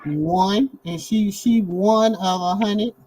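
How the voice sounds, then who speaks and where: A middle-aged woman, chatting casually as co-host and telling stories in a lively, colloquial way, laughing often. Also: slow, background noise. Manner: animated storytelling, lively swings in pitch. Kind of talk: casual chat.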